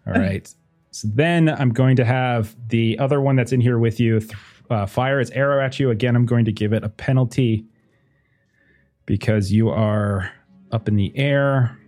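A man's voice: mid-range voice, moderate pace, darkish tone. A man running a tabletop game as game master, thinking aloud with many fillers and laughing often as he talks. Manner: laughs often while talking. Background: faint music.

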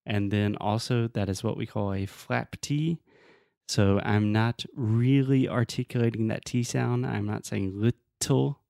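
A man's voice: lowish voice, a little slow, vocal fry, a little mellow, no echo, clean studio sound. A man co-hosting a podcast as an English teacher, patiently explaining words and drilling pronunciation in casual chat.

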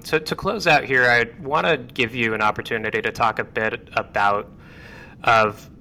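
A young male podcast host with a low, bright and forceful voice, stumbling over his words as he asks heartfelt questions. A faint hiss sits under the recording. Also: low-quality recording. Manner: stammering, heartfelt. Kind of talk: interview hosting.

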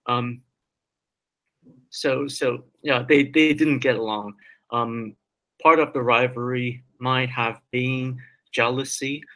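A man speaking as an interviewed scholar, in no hurry at all and with a clear, bright edge to his voice. He hesitates often, filling pauses with ums and repeating words as he searches for his phrasing. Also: mid-range voice, fairly even intonation, poor audio. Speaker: guest scholar. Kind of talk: interview discussion.

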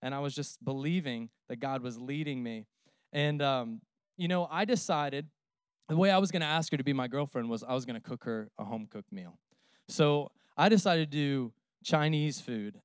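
A man's voice: fairly high pitch, smooth, no room sound, studio quality. A man in his thirties, a pastor, preaching a sermon in a conversational, humorous storytelling way.

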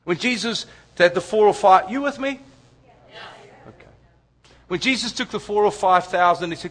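A man preaching a sermon, telling family stories with lively asides to the audience. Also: high voice, normal speed, pauses often. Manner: storytelling, animated asides to the audience. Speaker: pastor.

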